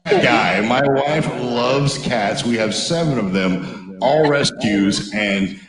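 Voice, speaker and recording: A man telling stories in a casual chat, swearing freely and talking with loud, boisterous energy. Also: medium pitch, takes it slowly, roomy sound, music in the background, low-quality recording. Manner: profane, boisterous storyteller. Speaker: musician.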